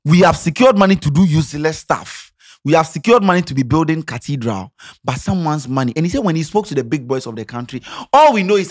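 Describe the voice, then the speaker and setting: Animated Ghanaian man ranting. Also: on the high side, quick pace. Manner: passionate, ranting, rhetorical questions, sarcastic. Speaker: commentary vlogger. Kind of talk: opinionated social commentary.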